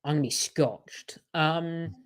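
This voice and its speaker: A man's voice: fairly high pitch, slow pace. Wry, sarcastic man on a sports podcast. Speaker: podcast co-host. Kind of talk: casual livestream sports chat.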